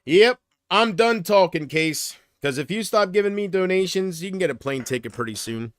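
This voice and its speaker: A man's voice: a little high, fairly quick, a bit bright, clean tone, no room sound, clean studio sound. A man chatting casually on a livestream, rambling and answering viewer comments.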